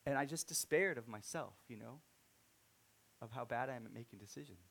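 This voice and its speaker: Man, pastor, sermon storytelling, gravelly, bright tone, soft to loud swings. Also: mid-range voice, fairly quick.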